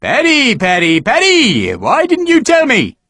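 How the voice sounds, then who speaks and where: A man's voice: wildly swooping pitch, a little slow, pushed and bright, no room sound, clean studio sound, heavily acted. A man doing a bawling bully sergeant. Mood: wheedling, menacing. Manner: booming, barking orders. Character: loud bullying army recruiting sergeant.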